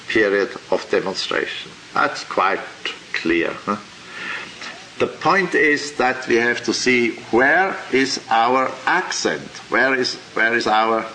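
A man teaching a religious class, lecturing in a deliberate, halting way and asking rhetorical questions. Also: mid-range voice, pushed and bright, slight background noise, poor audio.

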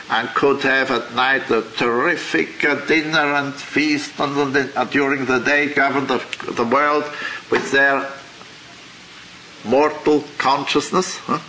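A man teaching a religious class, lecturing in a deliberate, halting way and asking rhetorical questions. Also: medium pitch, sharp tone, slight background noise, low-quality recording.

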